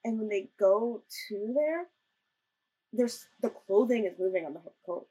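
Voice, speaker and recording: Husky-voiced young woman, chatty. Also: medium pitch, unhurried, rough recording. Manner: animated, laughing, retells scenes in quoted voices. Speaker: podcast co-host. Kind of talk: casual chat recapping a ghost-hunting show.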